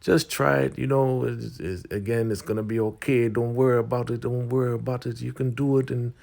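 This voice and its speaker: A man voicing a warm, bossy older woman elder who coaxes and reassures. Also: medium pitch, steady tone, brisk, vocal fry, pitched above the performer's own voice, close to an everyday voice. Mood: coaxing. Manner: coaxing, reassuring.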